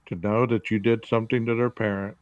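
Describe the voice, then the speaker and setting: A man's voice: fairly low pitch, flat delivery, fairly quick, no echo. Laid-back male podcast host, lo-fi. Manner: laid-back, joking sign-off with a put-on airline pilot announcement. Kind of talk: casual chat. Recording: dull lo-fi sound.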